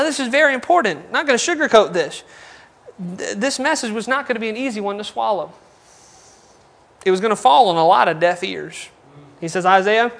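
A man's voice: high-pitched, fairly bright tone. A man preaching a folksy, conversational sermon full of rhetorical questions.

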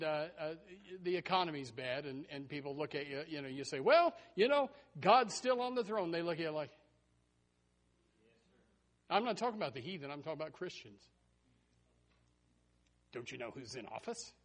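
A man preaching a sermon in a folksy, animated way, full of rhetorical questions and chuckling asides. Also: fairly high pitch, moderate pace, pauses often.

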